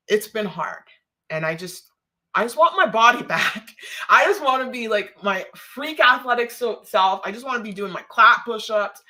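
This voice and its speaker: This Canadian woman's mid-range voice has a sharp edge as she chats on a live stream. She keeps rambling and laughing, though she's emotional and close to tears.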